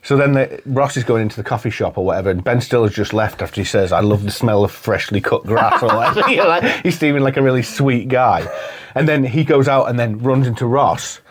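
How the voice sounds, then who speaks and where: A man's voice: medium pitch, expressive, fast talker, slight background noise. Rambling, laughing man co-host. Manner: rambling, laughing often, acting out quotes. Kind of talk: casual chat.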